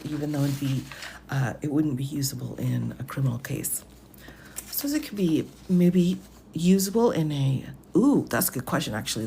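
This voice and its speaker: Woman, very deep voice, gravelly, hushed half-whisper, live stream at home, faint hiss behind. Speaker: legal commentator. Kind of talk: soft ASMR-style live stream talk. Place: home at night. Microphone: phone.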